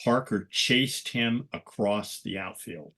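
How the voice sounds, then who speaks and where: An older man with a lowish voice tells his stories with relish. He slips into the voices of the people he quotes as a guest in a relaxed conversation. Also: slow. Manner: animated storyteller who acts out quoted voices. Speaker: guest photographer. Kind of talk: conversational storytelling.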